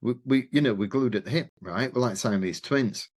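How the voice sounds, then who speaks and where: A man's voice: medium pitch, a little fast, slightly rough. A middle-aged man, a podcast guest telling stories in casual conversation and acting out the dialogue he quotes. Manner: animated, acts out quoted dialogue, swears casually. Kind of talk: conversational storytelling.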